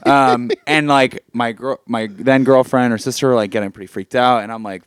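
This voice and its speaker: A man's voice: mid-range voice, fairly quick, few pauses, no room sound, studio quality. A man telling a story casually among friends, laughing often and swearing freely.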